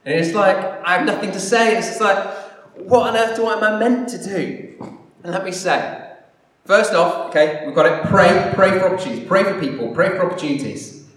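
Man, preacher, slightly high voice, self-deprecating, heard from afar in a reverberant hall. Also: fairly quick, fairly bright tone. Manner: self-deprecating, rambling with restarts. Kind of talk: sermon and closing prayer. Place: church hall. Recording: echoey hall, distant mic.

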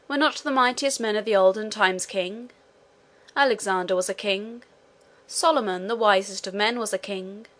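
A woman's voice: medium pitch, fairly bright tone, natural voice. A woman reading the lines of a proud, ambitious young nobleman in an audiobook, with a haughty, grandiloquent delivery.

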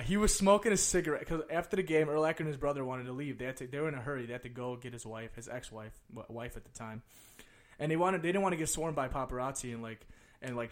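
A young man from the Chicago area with a medium-pitched voice hosts a casual chat. His stories are full of heavy swearing and grow loud and laughter-filled as they build.

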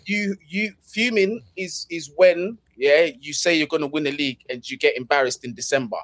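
A man's voice: fairly high pitch, moderate pace, a bit bright, no echo. A young man co-hosting a podcast, teasing and arguing through football banter. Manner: teasing, argumentative. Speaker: podcast co-host.

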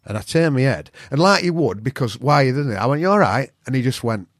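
A middle-aged man with a Yorkshire accent, a podcast guest who tells stories in a blunt, profane, animated way. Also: mid-range voice, brisk, dry recording, clean studio sound. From England. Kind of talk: casual storytelling chat.

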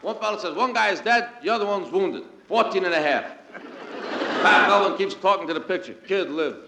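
A male stand-up comedian telling a comic story in a brisk, anecdotal way and acting out the people in it. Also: high-pitched, gravelly, background noise. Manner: brisk anecdotal delivery acting out quoted characters. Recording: roomy 1951 radio broadcast with music.

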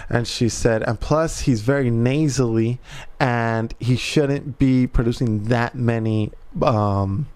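A man and father co-hosting a podcast, telling an animated anecdote full of slang and swearing. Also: mid-range voice, slow pace, clean tone. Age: adult parent. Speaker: podcast co-host. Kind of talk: casual storytelling chat.

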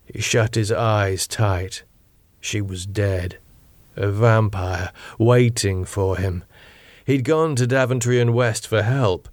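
Man, narrator, low voice, measured storytelling, dry close recording. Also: no echo. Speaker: narrator and author. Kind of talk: scripted audio-drama narration.

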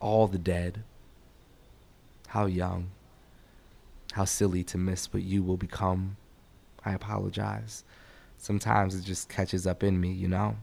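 A man reading his own poetry aloud, with an expressive, rhythmic delivery that rises and falls in loudness. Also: lowish voice.

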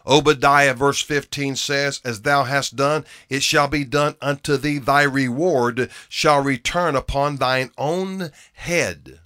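A man preaching a sermon with emphasis, repeating key phrases and dropping from loud to hushed. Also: medium pitch, steady tone, slow, few pauses, no room sound, clean studio sound.

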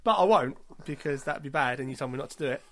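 A man's voice: mid-range voice, fast, a crowd in the background. A man co-hosting a podcast, chatting playfully and spinning silly ideas with a laugh. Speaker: podcast co-host. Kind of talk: casual podcast chat.

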